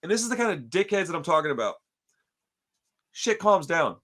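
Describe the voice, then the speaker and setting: On the high side and a little fast, a man's voice carries a podcast host's story. The chat is casual and profane, delivered with animation and an endless stream of "dude" for everyone.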